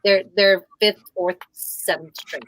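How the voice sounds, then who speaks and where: A woman's voice: medium pitch, fairly even intonation, takes it slowly, a bit bright, low-quality recording. A middle-aged woman co-hosting a casual live stream, speaking frankly and swearing freely. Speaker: co-host.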